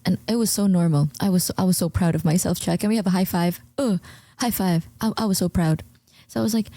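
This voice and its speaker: A young woman streamer talking quietly at home, telling a story to her chat with animated, stammering imitations of herself. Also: mid-range voice, fairly quick, dry recording. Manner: hushed, quiet, keeps voice down. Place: at home, indoors.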